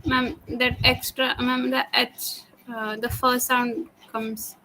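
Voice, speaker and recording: Hesitant woman student, high flat voice, dry sound. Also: slow pace, dry recording, rough recording. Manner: soft, hesitant, polite. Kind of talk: answering in class.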